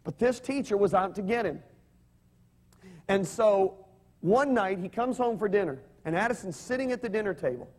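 A man's voice: high-pitched, animated, moderate pace. A man preaching a sermon, telling stories animatedly and having the congregation repeat his words. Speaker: pastor.

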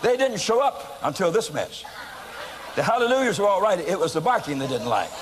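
Animated preacher man telling a story. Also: high voice, brisk, crowd noise, poor audio. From United States. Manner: animated, swings from quiet to shouting in acted quotes. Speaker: evangelist preacher. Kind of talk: sermon storytelling.

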